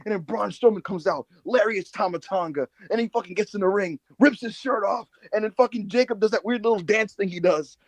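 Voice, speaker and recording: Animated high-voiced joking man. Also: a little fast, dry recording. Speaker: podcast co-host. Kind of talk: casual chat.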